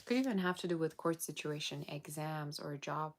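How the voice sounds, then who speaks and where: A woman with a deep voice gives a casual tarot reading, talking a little fast. She is chatty and blunt, throwing in exasperated asides, and sounds tired, yawning along the way.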